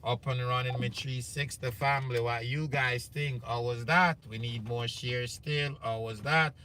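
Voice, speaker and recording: A Jamaican man hosts a live talk show with a bright, forceful voice. He is chatty and encouraging, with faint room noise behind him. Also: medium pitch, fairly even intonation, unhurried. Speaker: host.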